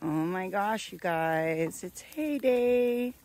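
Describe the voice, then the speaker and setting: A woman's voice: medium pitch, animated, slow, a little mellow. A woman on her farm talking playfully to her goats in affectionate baby talk. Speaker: farm vlogger. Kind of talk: casual chat with farm animals. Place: outdoors on a small farm.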